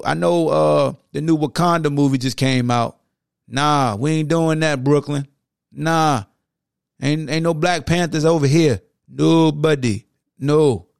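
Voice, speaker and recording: Man, gravelly voice, animated slangy football host, casual chat, dry close sound. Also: medium pitch, no room sound. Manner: animated, slangy, coaching-style trash talk. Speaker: sports podcast host.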